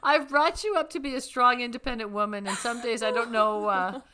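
A woman's voice: a little high, a little fast, pushed and bright, clear, resonant tone. A middle-aged woman, a mother, adding wry, teasing comments in casual chat. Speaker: mother and podcast co-host.

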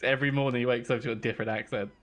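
A man's voice: medium pitch, steady tone, rapid-fire, a bit bright. A young English man from the south, co-hosting a casual podcast chat, joking and laughing often. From England. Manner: jokey, laughs often, puts on silly accents. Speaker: podcast co-host.

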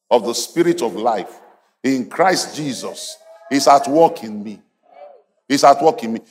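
A man preaching a sermon as a pastor, animated, laughing often and calling on the congregation to repeat after him. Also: medium pitch, measured pace. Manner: animated preaching with call-and-response and frequent laughter.

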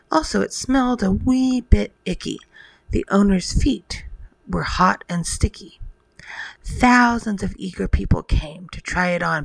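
A woman's voice: mid-range voice, vocal fry, darkish tone, slightly rough, no room sound, poor audio. A woman telling a rhymed bedtime story to the listener in a whispered role-play.

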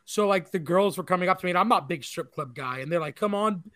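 A man with a slightly higher voice rambles through an anecdote, swearing freely and padding it with "like" and "uh." The sound is dry and close, with no room around it. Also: quick pace, a bit bright, dry recording. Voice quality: profane, rambling storyteller. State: married. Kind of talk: casual storytelling chat.

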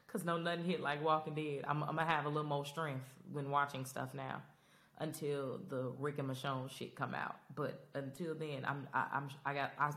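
A woman hosting a podcast, talking casually and emotionally to her listeners in a Black while recapping a TV finale. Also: rumbling low. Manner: expressive, emotional, rambling, talks to listeners directly. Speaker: podcast host.

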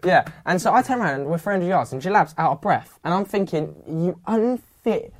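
A man, a podcast host, retelling a story in casual chat with animated, vivid delivery and some swearing. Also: a little high, quick pace.

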